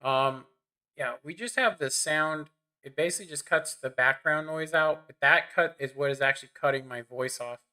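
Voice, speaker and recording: A bright, slightly high-voiced man chats loosely through a live game stream at his home setup. He rambles, clears his throat now and then, and talks straight into a desk microphone. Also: moderate pace. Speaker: gaming streamer. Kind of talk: casual live-stream commentary.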